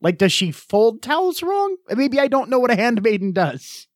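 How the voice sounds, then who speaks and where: A man co-hosting a podcast in casual chat, jokey and quick to riff on what he hears. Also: very high voice, very animated, dry recording, studio quality. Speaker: podcast co-host.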